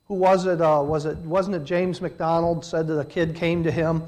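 High-voiced preacher with dramatic swings. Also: male voice, flat delivery, moderate pace. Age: middle-aged. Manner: dramatic swings from loud emphatic peaks to hushed low delivery, acting out quoted voices. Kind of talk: sermon.

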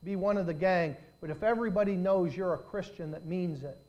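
Pastor guy w a high voice preaching hard, gets loud and drags words out then goes quiet. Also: dull audio. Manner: preaching with surges of volume and drawn-out emphasis. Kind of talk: sermon.

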